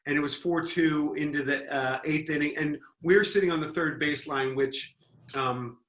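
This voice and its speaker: A man's voice: on the high side, moderate pace, echoey room. A man on a comedy podcast panel telling a rambling story full of restarts. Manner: rambling, with many restarts and loud mocking impressions.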